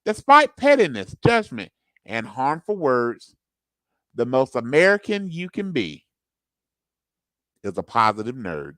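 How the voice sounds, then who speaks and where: A man putting on a booming patriotic announcer voice. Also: huge pitch swings, a little slow, pauses often, sharp tone, dry recording, exaggerated voice. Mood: proud, rousing. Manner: rhyming, sing-song declamation with big pitch jumps. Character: booming patriotic male announcer reciting verse. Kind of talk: comic recited ad.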